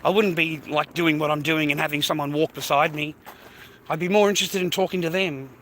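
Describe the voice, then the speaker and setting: Australian man, loose walk-and-talk streamer, high bright voice, faint street noise. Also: fairly even intonation, a little fast. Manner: chatty, rambling, peppers speech with "mate" and "bro", swears. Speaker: live streamer. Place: outdoors, walking along streets. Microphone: phone held while walking.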